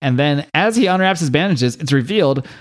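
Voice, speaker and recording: A man's voice: a little high, animated, a little fast. A man co-hosting a comic-book podcast who summarizes a story in a chatty way and laughs often. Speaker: podcast co-host.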